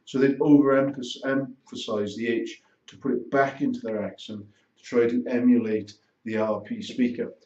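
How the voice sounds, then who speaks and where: A man giving a recorded lesson summary as a lecturer, speaking in measured, short phrases. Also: medium pitch, fairly even intonation, a little mellow. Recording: roomy, distant, dull sound.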